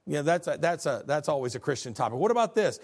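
A man's voice: a little high, big pitch swings, quick pace, darkish tone, slightly rough. A middle-aged male pastor preaching a sermon to a congregation in a conversational, folksy way, full of rhetorical questions. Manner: defines terms one by one in a plain, folksy way. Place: church service before a congregation.

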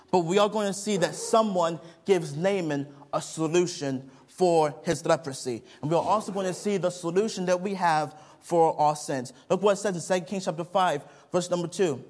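Lively man teaching kids a Bible lesson. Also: a little high. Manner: lively storytelling, questions to the kids. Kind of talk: children's sermon.

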